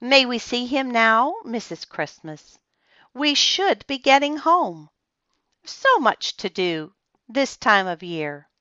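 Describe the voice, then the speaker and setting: A woman's voice: a little high, very animated, slow, bright, forceful tone, dry recording, highs cut off, pitched above the performer's own voice, exaggerated voice. A woman voicing a courteous father who tries to sound cheerful in a storybook reading. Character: polite, forcedly cheerful father.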